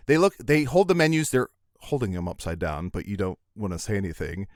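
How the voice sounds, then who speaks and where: A man chatting as a podcast guest, telling playful stories in an animated way, a little tipsy. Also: lowish voice, brisk, hardly any pauses, no echo, clean studio sound. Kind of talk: casual chat.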